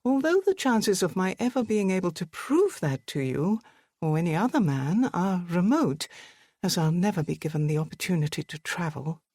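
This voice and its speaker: An audiobook narrator voicing a sharp-witted young woman who speaks in a brisk, dry, teasing way. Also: mid-range voice, sing-song, dry recording.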